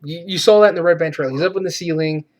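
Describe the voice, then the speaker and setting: A man reviewing a movie in a profane, exasperated rant, swearing often and shouting to mock the characters. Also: fairly high pitch, rapid-fire.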